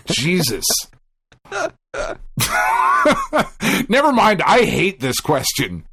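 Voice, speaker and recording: A man's voice: on the high side, drawn-out words, gravelly, pauses often, breathy edge, no echo. A man co-hosting a gaming podcast in casual chat, swearing freely and acting out quotes as he tells stories. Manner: profane, animated storyteller who acts out quotes. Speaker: podcast co-host.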